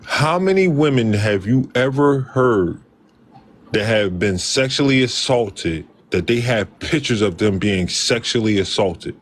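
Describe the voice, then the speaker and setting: A man's voice: on the low side, lively intonation, a little slow. A man in a heated casual debate, speaking insistently and pressing pointed questions.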